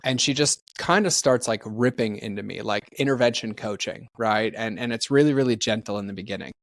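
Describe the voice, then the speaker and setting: A man's voice: lowish voice, brisk, dry recording. A middle-aged man, a personal development trainer, telling a candid story as a podcast guest and animatedly acting out quoted dialogue.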